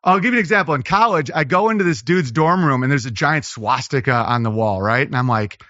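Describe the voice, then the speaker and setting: Man, comedian, podcast guest, rambling, riffing, bright tone, dry lo-fi audio. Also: medium pitch, no echo. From Los Angeles. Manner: rambling, riffing, slips into quick impressions. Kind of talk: casual podcast conversation.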